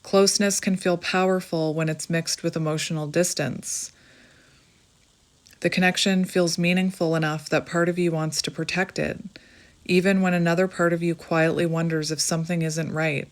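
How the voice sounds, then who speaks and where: Tarot reader, female, lowish voice, earnest and reassuring, talks straight to camera. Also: level tone, normal speed. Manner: earnest, emotional, reassuring, reads passages aloud. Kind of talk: tarot reading addressed to the viewer.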